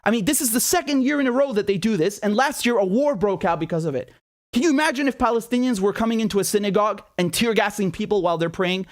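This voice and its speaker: High-voiced man, angry commentary. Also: quick pace. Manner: indignant, fires rhetorical questions. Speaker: political commentator. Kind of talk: impassioned political commentary.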